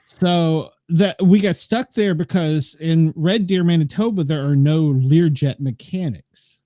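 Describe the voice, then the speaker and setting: Laid-back man from the US South, warm tone. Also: a little high, unhurried, no room sound. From Southern United States. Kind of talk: casual storytelling.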